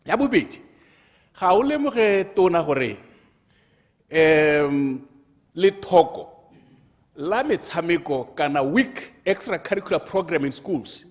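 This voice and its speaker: A man's voice: a little high, sing-song, a little slow, pauses often, big-room sound. A man, a member of parliament, pressing questions in a debate and mixing in English terms. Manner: pressing, mixes local language with English terms. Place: parliament chamber.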